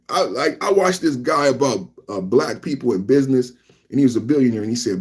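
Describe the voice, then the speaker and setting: A man hosts a live reaction podcast and rants loudly, circling back over the same points again and again. His voice is husky with a slightly rough edge, pitched in an ordinary middle range, and he speaks directly to the viewers in his chat. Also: lively intonation, normal speed. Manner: loud, repetitive, talks straight to chat. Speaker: podcast host.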